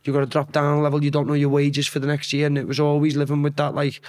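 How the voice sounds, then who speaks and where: This podcast guest is a young ex-footballer from Liverpool whose strong Scouse accent colors his rapid-fire, informal anecdotes. He is animated and easygoing, cursing without restraint, and his voice sits a bit higher than most men's.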